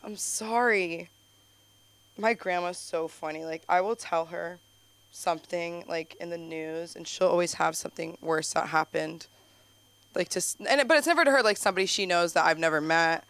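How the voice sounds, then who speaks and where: A woman's voice: fairly low pitch, fairly quick, a bit bright, clean tone. A young woman doing a rambling stand-up set at an open mic, chatty and giggly, with lots of "like" and restarts. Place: small comedy club stage.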